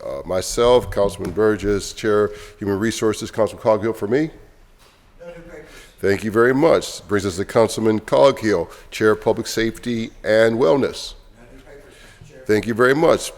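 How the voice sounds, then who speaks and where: A man chairing a city council meeting, moving briskly through formal procedure. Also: on the low side, big-room sound. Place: council chamber.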